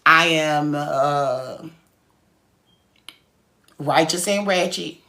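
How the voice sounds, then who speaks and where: Speaking extremely slowly, this cookie-business owner and speaker has a low, gravelly voice with a sharp edge. Her motivational talk is casual and heavy on slang, and she hammers her points home again and again in a preachy way.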